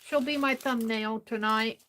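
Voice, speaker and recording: A tired woman hosting a late-night crafting livestream, talking softly to herself as she works. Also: on the high side, steady tone, a little slow. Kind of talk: casual talk while crafting live.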